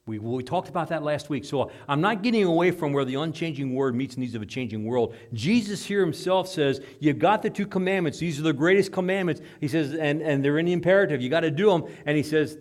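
A male pastor preaching a sermon in a conversational way, repeating and restarting phrases, rising to loud emphatic bursts and dropping to quiet low asides.

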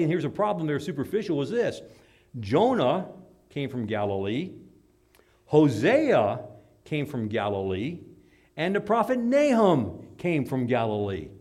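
Male preacher, emphatic and dramatic, lively pitch that sits a little high. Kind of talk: sermon.

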